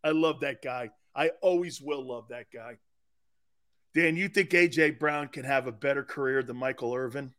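A man's voice: medium pitch, moderate pace. A middle-aged man hosting a sports talk stream, joking and reading viewer comments aloud. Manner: animated, joking, jumps between chat comments. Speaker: sports talk show host.

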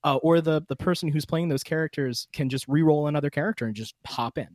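A man's voice: fairly high pitch, fast talker, darkish tone, no room sound. Chatty young man, dry close sound. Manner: chatty, laughing, many restarts. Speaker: podcast guest, game master. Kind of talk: casual chat.

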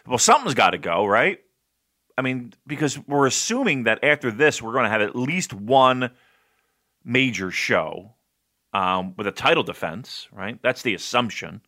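Lively bright-voiced man, casual swearing. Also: mid-range voice, normal speed. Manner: loose, swearing, laughing often. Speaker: podcast host. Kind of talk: casual chat.

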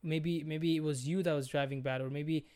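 A man's voice: on the high side, fairly even intonation, moderate pace, a little mellow, clean tone. A young man telling rambling stories in a casual podcast chat, swearing a lot and filling his talk with "like". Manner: swearing, rambling storyteller with many fillers. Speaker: podcast co-host.

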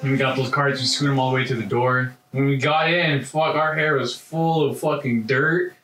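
A man in casual chat with friends, telling an animated, swear-filled story and acting out what people said. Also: mid-range voice, normal speed, faint music behind. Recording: echoey room, far from mic.

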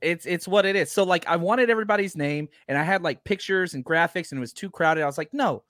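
Podcast host, man, higher voice, strained and worn, self-deprecating, close dry mic. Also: quick pace, a bit bright, dry recording. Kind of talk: casual panel chat.

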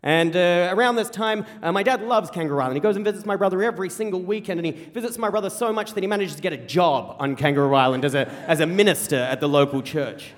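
An Australian man from rural South Australia telling a comic personal story live on stage, animated and quick with repeated phrases. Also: sits high. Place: theater stage before a live audience. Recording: long hall reverb from a live venue.

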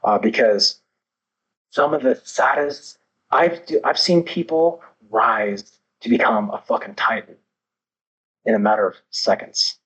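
A man's voice: fairly low pitch, unhurried, a bit bright, slightly rough, low-quality recording. A man talking as a podcast guest, intense and emphatic, swearing heavily while he talks candidly about growth. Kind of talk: candid motivational talk.

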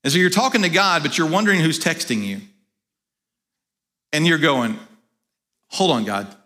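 A man's voice: fairly high pitch, big pitch swings, normal speed, pushed and bright. A middle-aged male pastor giving a sermon, telling stories in a conversational way and acting out quotes. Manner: conversational storytelling with acted quotes.

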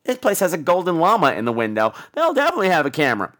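A man's voice: fairly high pitch, wildly swooping pitch, rapid-fire, fairly bright tone. A man hosting a casual comedic horror film review, sarcastic and profane, acting out the scenes. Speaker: podcast host reviewing horror films.

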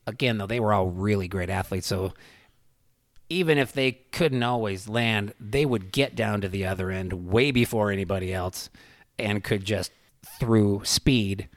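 A man's voice: lowish voice, measured pace, dry recording. Rambling man telling a story. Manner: rambling, many fillers, swears freely. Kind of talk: casual storytelling.

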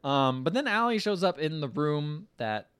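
A man's voice: on the high side, very animated, moderate pace, a bit bright, clean tone. A man co-hosting a podcast, casually retelling a movie's plot and acting out the characters' lines. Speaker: podcast co-host recapping a film. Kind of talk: casual chat.

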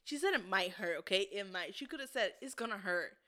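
A woman's voice: medium pitch, animated, brisk, sharp tone. A young adult woman co-hosting a podcast, telling a story in casual chat and acting out what people said, with frequent giggles. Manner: giggly storytelling, acts out quotes. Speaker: podcast co-host.

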